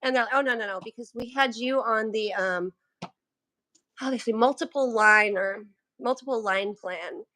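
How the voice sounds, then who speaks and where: Woman rambling a story, kinda hoarse, higher voice, dry sound. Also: normal speed, pushed and bright, no room sound. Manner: chatty storytelling with laughs and quoted voices. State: losing her voice. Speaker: livestream co-host. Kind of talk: casual chat.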